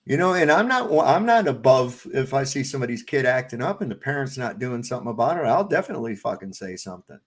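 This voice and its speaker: A man's voice: mid-range voice, big pitch swings, fast talker, few pauses. Blunt, profane man ranting. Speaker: podcast co-host. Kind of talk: casual profane storytelling chat.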